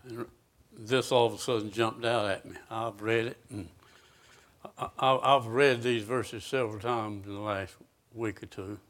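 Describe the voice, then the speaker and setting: This preacher speaks in a fairly low, steady voice with a slightly bright edge. Delivering his sermon, he reads scripture aloud slowly and with emphasis, building in intensity, and challenges the congregation with direct questions.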